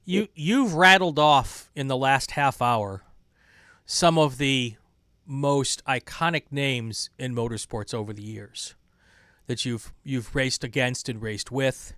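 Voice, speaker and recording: A male podcast host asks his guest questions in a relaxed, conversational way. His voice sits at a middling pitch and sounds close and dry, with no room echo. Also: slow pace. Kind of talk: interview.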